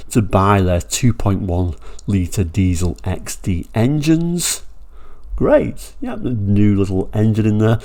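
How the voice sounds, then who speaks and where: Gravelly, mellow man rambling through brochures. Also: lowish voice. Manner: chatty and rambling, digresses then pulls himself back on track. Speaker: channel host. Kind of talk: casual talk-through of old car brochures.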